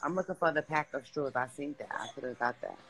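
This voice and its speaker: Teasing New man, slightly high voice. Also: quick pace, a bit bright, slight background noise, rough recording. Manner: teasing, needling. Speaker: vlogger. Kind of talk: casual banter.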